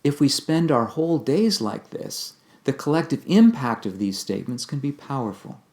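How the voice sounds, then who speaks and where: A man giving a calm, measured instructional talk on communication, explaining ideas step by step. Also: medium pitch. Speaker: communication teacher.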